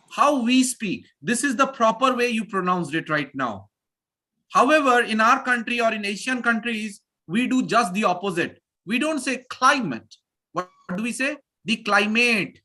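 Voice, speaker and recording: Lively, bright-voiced woman teaching pronunciation. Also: mid-range voice. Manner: drills students, repeats words slowly with stress. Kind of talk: live online class. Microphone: video call.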